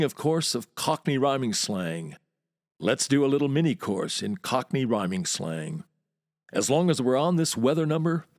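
A man's voice: medium pitch, no echo, studio quality. An American man hosting a podcast, reading a wry, word-loving monologue. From United States. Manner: wry, relishing words, lively storyteller. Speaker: podcast host and walking tour guide.

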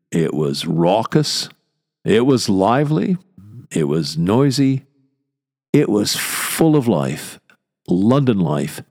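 Older male lecturer, low gravelly voice, slow and deliberate delivery. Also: a little mellow. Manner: measured, deliberate, explanatory. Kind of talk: spoken lecture.

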